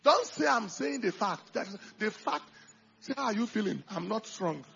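A male pastor preaching a sermon, swinging from quiet asides to loud emphatic bursts and acting out the people he quotes. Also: high-pitched, lively intonation, moderate pace, creaky, highs cut off, slight background noise.

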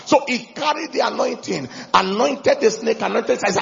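A high-voiced man preaching a lively sermon, his pitch leaping up and down as he tells stories. His tone has a gravelly edge, and the recording sounds muffled and lo-fi. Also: moderate pace, hardly any pauses. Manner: animated preaching, bursts into shouts and laughter. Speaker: pastor.

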